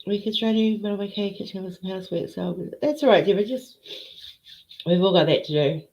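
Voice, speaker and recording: A woman's voice: mid-range voice, quick pace, a little mellow. A woman hosting a casual live chat with viewers, emotional and teary, greeting people by name. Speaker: livestream host. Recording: dull lo-fi stream audio.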